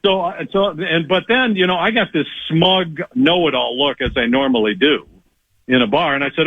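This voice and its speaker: A man telling a lively story on a radio show, laughing often and acting out both sides of an argument. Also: fairly high pitch, normal speed, no room sound, phone-quality sound. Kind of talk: animated storytelling on sports talk radio.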